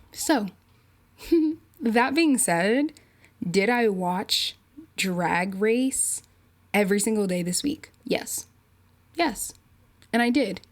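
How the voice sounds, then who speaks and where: Rambling woman podcast host. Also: mid-range voice. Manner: rambling, thinking out loud with many fillers. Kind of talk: casual solo podcast chat.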